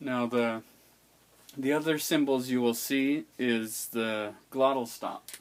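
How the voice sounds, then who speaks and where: A man's voice: medium pitch, steady tone, slow pace. A man teaching how to pronounce the letters of an alphabet, patiently demonstrating each sound aloud. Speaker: language teacher. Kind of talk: explaining an alphabet's pronunciation.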